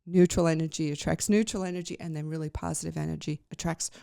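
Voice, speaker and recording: A woman's voice: sits low, steady tone, fast talker, gravelly, mellow, clean tone, dry recording, studio quality. A woman podcast host telling a personal story in a chatty, rambling way, with many fillers and restarts.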